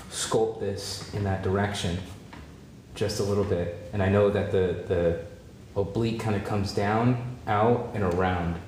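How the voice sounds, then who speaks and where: A man teaching a drawing demonstration, relaxed and encouraging, thinking aloud as he draws and repeating key points. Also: fairly low pitch. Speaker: art teacher. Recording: roomy with faint background noise.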